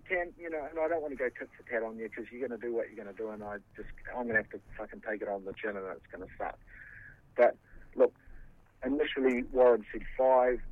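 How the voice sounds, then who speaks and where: Man, defensive and profane, halting delivery, mid-pitched voice heard over a narrow, tinny phone line. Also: no room sound. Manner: defensive, swearing, halting restarts. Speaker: interviewee. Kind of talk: heated phone interview.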